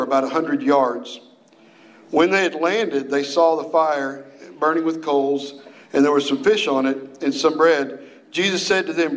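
A man preaching a sermon as a youth minister, telling the story in a folksy, animated way with playful put-on voices. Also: fairly high pitch, reverberant, low-quality recording.

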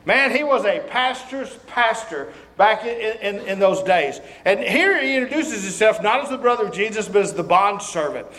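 A man preaching a sermon as a visiting preacher, emphatic and breaking into shouts. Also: high-pitched, animated, normal speed, hardly any pauses. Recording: echoey room.

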